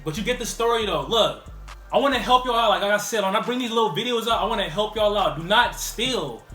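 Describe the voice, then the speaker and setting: A man's voice: high voice, expressive, quick pace, bright, forceful tone, echoey room, faint music behind. A man vlogging a casual storytime, rambling and full of "like" fillers. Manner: rambling, heavy use of "like" fillers.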